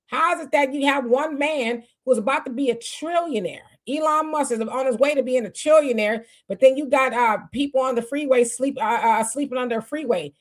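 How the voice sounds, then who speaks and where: Woman host, 50s, fairly high voice, casual conversational stream chat. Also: a little fast, few pauses. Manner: conversational, reads viewer comments aloud.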